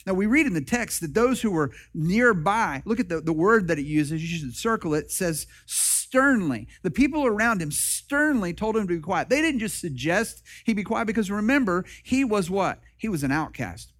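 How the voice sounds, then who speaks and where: A man's voice: high-pitched, animated, moderate pace, hardly any pauses, fairly bright tone. A male pastor preaching a sermon in an impassioned, repetitive style that rises and drops.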